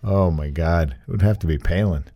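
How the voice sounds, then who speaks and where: Man, podcast host, lowish voice, relaxed and wry, casual chat. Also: a little fast.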